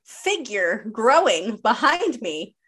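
Swearing, animated woman podcast host. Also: a little high, slow, breathy edge. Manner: animated storyteller, swears freely, acts out quotes. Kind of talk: casual chat.

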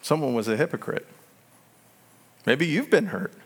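A man preaching a sermon as pastor, animated and acting out quoted voices, in a church sanctuary. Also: fairly high pitch, moderate pace, in a large hall. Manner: animated, acts out quoted voices, laughs at own jokes.

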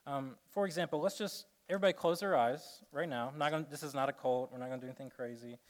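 A man preaching a sermon to a room of listeners, joking and acting out little scenes, then turning soft and earnest. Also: mid-range voice, quick pace. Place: room with an audience.

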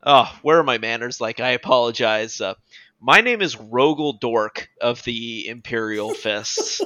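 A man's voice: medium pitch, animated, measured pace, sharp tone, no room sound. A man putting on a mock-polite, overblown voice for a pompous male warrior lord he plays as a clown, on a dull lo-fi recording.

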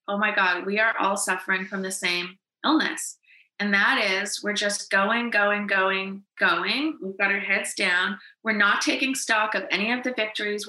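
A woman in her late thirties, a guest from Winnipeg telling her story in a lively, casual way and acting out her own past dialogue. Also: mid-range voice. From Winnipeg, Canada. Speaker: interview guest. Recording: echoey room.

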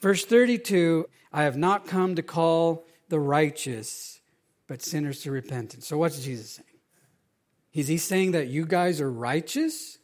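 Male pastor, middle-aged, high-pitched voice, animated conversational preaching style. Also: a little slow. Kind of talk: sermon.

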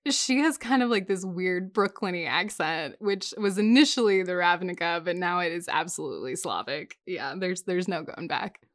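A woman's voice: fairly low pitch, expressive, moderate pace, hardly any pauses, no room sound, clean studio sound. A woman co-hosting a tabletop gaming podcast, enthusiastic and giggly in casual chat. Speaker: podcast co-host.

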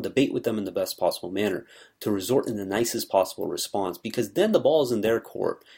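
A man's voice: on the low side, a little mellow, slightly rough. A man giving an earnest, conversational talk on scripture, explaining things in a loose, searching way. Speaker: religious speaker.

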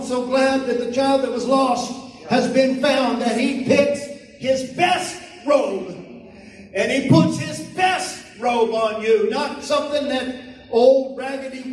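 A middle-aged man preaching as a pastor, swinging from hushed lines to loud calls and asking for amens. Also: very high voice, heavy reverb, far from the mic, low-quality recording. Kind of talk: sermon. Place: church sanctuary.

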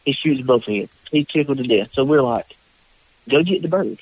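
A man's voice: mid-range voice, normal speed, dry recording, phone-quality sound. Man telling a hunting story. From North Carolina. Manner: animated, acts out quotes in a raised voice. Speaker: podcast guest. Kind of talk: casual storytelling.

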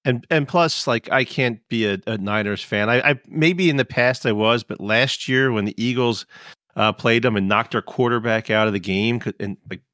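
A man's voice: medium pitch, normal speed, pushed and bright, no room sound, studio quality. A man co-hosting a gaming podcast in casual, joking chat, rambling with many restarts. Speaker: podcast co-host.

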